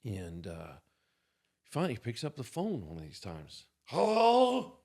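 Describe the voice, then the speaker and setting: A man telling an anecdote as a podcast guest, animated and acting out the people in his story. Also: low voice, normal speed, slightly rough.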